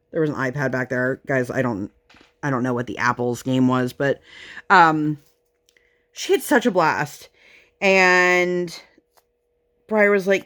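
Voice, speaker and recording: A woman's voice: lowish voice, lively intonation, normal speed, a bit bright. A woman in her thirties chatting casually while crafting, telling family stories with lots of fillers and laughter. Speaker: crafting vlogger.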